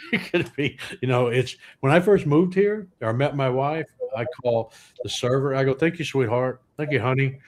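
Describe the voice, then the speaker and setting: A man's voice: mid-range voice, normal speed, a little mellow. A man, a guest comedian telling rambling anecdotes with dry punchlines. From Louisiana, US. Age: 60s. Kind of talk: comic storytelling on a podcast.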